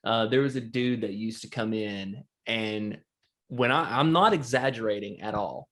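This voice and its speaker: A man's voice: on the low side, normal speed, a bit bright. A man co-hosting a podcast, talking casually in a rambling way and laughing through his stories. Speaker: podcast co-host. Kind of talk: casual chat.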